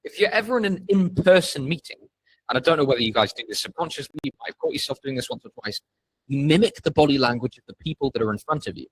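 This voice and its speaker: A man's voice: fairly high pitch, lively intonation, quick pace, breathy edge, poor audio. A young man coaching on sales in a casual, blunt, profane way, with a lot of emphasis. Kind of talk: casual instructional talk.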